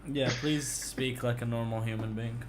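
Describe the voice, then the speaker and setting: A man's voice: mid-range voice, fairly even intonation, moderate pace, slight background noise. A man in an online group voice chat who talks bluntly and sarcastically and swears a lot. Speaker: voice chat participant.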